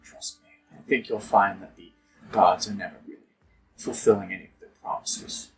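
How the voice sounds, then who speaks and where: A man's voice: lowish voice, steady tone, normal speed, soft background music, poor audio. A man playing a tabletop role-playing game who answers in character with cool, sarcastic retorts. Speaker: player.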